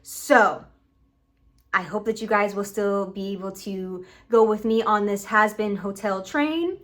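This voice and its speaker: A woman's voice: mid-range voice, measured pace, a bit bright. A young woman from Puerto Rico giving emphatic, casual reaction commentary at home, swearing freely into a camera on a stand. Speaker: reaction video host.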